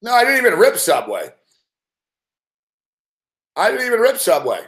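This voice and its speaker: A man's voice: high voice, huge pitch swings, moderate pace, fairly bright tone. A man hosting a sports betting show, telling rambling, profanity-laced anecdotes with frequent laughs. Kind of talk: casual storytelling on a live stream.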